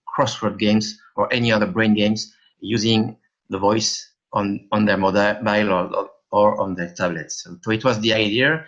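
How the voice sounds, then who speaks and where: A middle-aged man with a French accent answers interview questions in a low voice, halting and searching for his English words. His audio comes through a little muffled. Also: fairly bright tone. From France. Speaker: guest, app developer.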